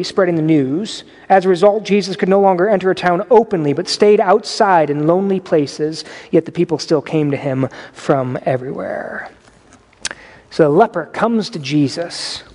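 A man delivers a sermon in a loose, conversational style and breaks into lively asides. His voice sits high for a man. It rings through a church hall with a long reverb tail. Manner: conversational preaching with animated asides. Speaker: pastor. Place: church sanctuary.

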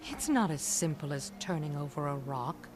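Game character, female sylvari, very low voice, measured, solemn, music bed. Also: expressive. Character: grave female plant-born sylvari, solemn and wise. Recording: game audio over music.

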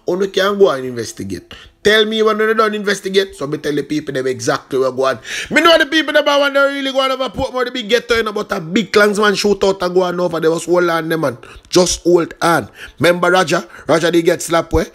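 Jamaican guy doing news commentary, high bright voice, rattles along quick. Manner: chatty, lively, talks straight to viewers.

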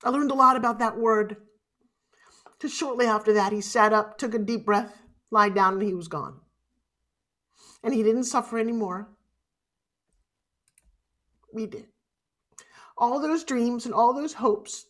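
A woman's voice: a little high, measured pace, long pauses, fairly bright tone. A middle-aged woman giving a heartfelt motivational keynote speech, urging her audience and tearful at times. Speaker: motivational speaker. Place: conference stage.

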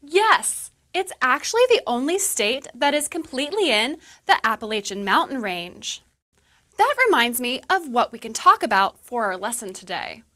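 A friendly English teacher, played by a woman in a scripted lesson video. She speaks slowly and clearly, with a high, bright voice. Her pitch swings a lot as she explains. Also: sing-song. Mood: cheerful. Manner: slow, clear teaching delivery. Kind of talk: scripted educational dialogue.

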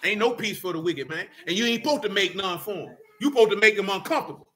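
A man leading a Bible study in a folksy, animated preaching style, quizzing his listeners and calling them "boy" and "man". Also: high voice, fast.

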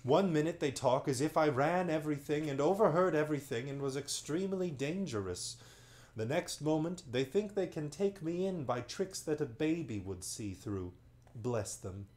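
A man's voice: fairly high pitch, expressive, moderate pace, a little mellow, pitched above the performer's own voice, lightly acted. Brief: fond old storybook wizard, voiced by a male reader, easygoing and tolerant. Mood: amused. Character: amused old male magician, kindly.

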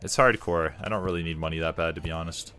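A young man casually commenting while playing a game, swearing often and breaking into excited outbursts. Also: low-pitched, fast. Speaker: gaming streamer. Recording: music bed behind voice. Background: soft game music.

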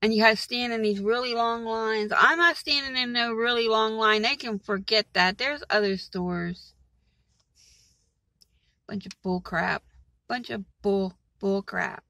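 A woman's voice: on the high side, unhurried, pushed and bright, dry recording, poor audio. A woman vlogger from Maryland rambling in a casual, agitated and exasperated way about her day. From Maryland, USA.

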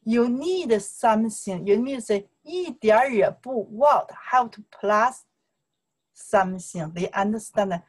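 A woman's voice: a little high, animated, husky. A woman whose first language is Chinese, teaching a Chinese lesson in simple English and patiently repeating words and tones. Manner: patient, repetitive, drills tones and words slowly; simple, non-native English.

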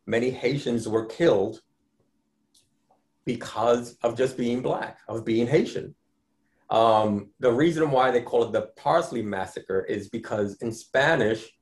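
A Dominican-born man explaining his artwork in an interview, speaking in a measured way with frequent ums and restarts. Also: medium pitch. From Dominican Republic. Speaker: artist guest.

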